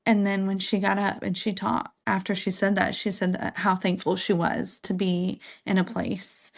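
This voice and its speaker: A woman's voice: medium pitch, little pitch movement, moderate pace, creaky. A woman in her thirties, a podcast guest, candidly and earnestly sharing a personal story in an interview. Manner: candid, earnest, faith-filled. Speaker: podcast guest, single mother.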